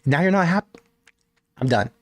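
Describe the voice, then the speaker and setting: Guy ranting on his sports stream at his desk, kinda high voice, swears a bit. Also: normal speed. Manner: animated, ranting, swearing casually. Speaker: sports podcast host. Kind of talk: solo livestream rant. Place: home desk.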